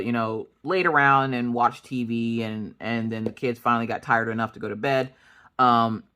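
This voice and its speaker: A woman in her thirties, a crafting channel host, telling a long story in an animated, indignant way as she chats. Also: a bass voice. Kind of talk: storytelling chat while crafting.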